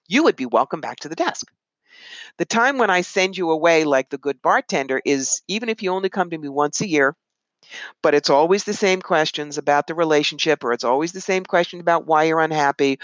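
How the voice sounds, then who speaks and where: Lively woman guest telling stories, dry sound. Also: low-pitched, dry recording, rough recording. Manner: animated, puts on voices when quoting others. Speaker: psychic medium and author, guest. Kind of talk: conversational interview storytelling.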